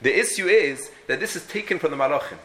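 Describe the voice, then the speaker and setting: A man's voice: on the high side, lively intonation, quick pace, a bit bright. A man teaching a halachic lesson, thinking aloud with frequent restarts and many Hebrew and Yiddish terms. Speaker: Torah teacher.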